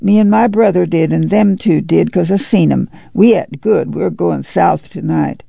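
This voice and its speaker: A man's voice: fairly high pitch, moderate pace, creaky, dark tone, husky, no echo, full character voice. A man voicing a boastful small rural boy in proud childish country talk. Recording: dull lo-fi dry audiobook recording.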